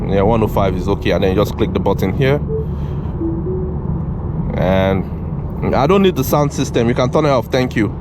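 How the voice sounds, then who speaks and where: A man giving casual, excitable commentary from inside a car, talking to the car and repeating himself as he drives. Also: mid-range voice, very noisy. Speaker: car reviewer.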